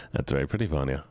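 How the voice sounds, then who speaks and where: A man's voice: extremely low pitch, mellow. A man streaming live, chatting casually and teasing his chat with playful mock-villain boasts.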